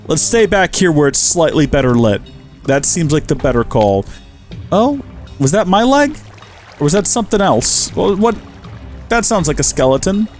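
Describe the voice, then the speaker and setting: A man's voice: mid-range voice, darkish tone. An American man with a chatty, jokey manner, commentating on a survival game and talking to the animals on screen, with faint game music behind. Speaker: let's player. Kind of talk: gameplay commentary.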